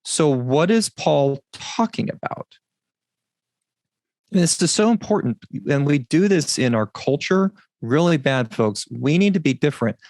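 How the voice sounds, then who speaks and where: A man hosts a Bible teaching podcast, laying out his points slowly and stressing key words. His voice is mid-pitched, and it sounds dry and close on the mic. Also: no echo. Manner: deliberate, emphatic, explanatory. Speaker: podcast host.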